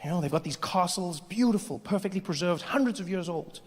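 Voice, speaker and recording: A man performing a stand-up comedy routine in an animated way, acting out characters in shifting voices before a live audience. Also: sits high, a little fast. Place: large theater with live audience. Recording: live hall recording with audience.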